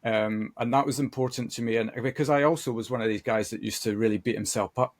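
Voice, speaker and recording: Man from the UK, podcast guest, mid pitch, thoughtful and halting delivery. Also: steady tone. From United Kingdom. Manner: thoughtful, halting, many restarts. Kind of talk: reflective conversation.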